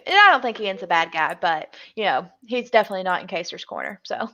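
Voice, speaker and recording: A woman's voice: mid-range voice, expressive, quick pace, few pauses, pushed and bright, dull audio. A woman co-hosting a casual live show, giving easygoing opinions. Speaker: co-host.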